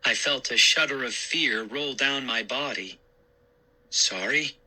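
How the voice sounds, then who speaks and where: A man narrating a scary story in a slow, deliberate, suspenseful way. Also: mid-range voice, sharp tone, low-quality recording. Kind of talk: scripted horror story narration.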